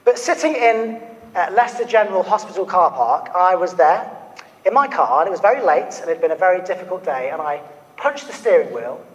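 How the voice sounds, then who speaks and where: A man preaching a sermon, his voice sitting high for a man. He talks earnestly and keeps turning questions back on his listeners. A long reverb hangs behind him, as in a church hall. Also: expressive, brisk.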